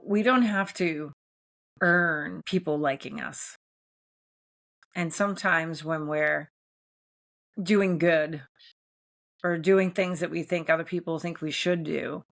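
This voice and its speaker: Candid low-voiced woman podcast host. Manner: candid, gently encouraging, with frequent restarts and soft laughs. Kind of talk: solo reflective podcast talk.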